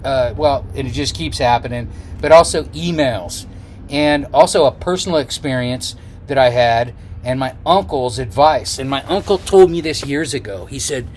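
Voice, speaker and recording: A man's voice: mid-range voice, moderate pace, a little hiss or hum. A middle-aged man chatting casually to camera outdoors as a travel vlogger, rambling with many fillers and restarts. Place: outdoors on the road.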